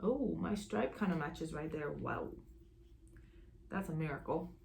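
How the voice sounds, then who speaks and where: A woman's voice: low voice, a little slow, gravelly, darkish tone. A young woman hosting a sewing tutorial, bubbly and self-teasing, talking as she works at a serger. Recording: roomy echo, faint machine noise.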